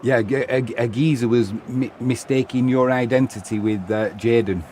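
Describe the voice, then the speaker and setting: A man's voice: mid-range voice, fairly even intonation, normal speed, darkish tone, slight background noise. A man hosting live football commentary, chatting and reading out viewer comments between plays. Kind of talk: live watch-along commentary.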